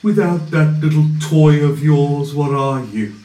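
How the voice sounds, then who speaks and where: A man voicing an arrogant, cruel male villain mage who taunts slowly and theatrically in a tabletop game. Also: on the high side, mellow, recorded from a distance, pitched above the performer's own voice, natural voice. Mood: scornful. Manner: slow, sneering, theatrical taunts. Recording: echoey room with faint noise.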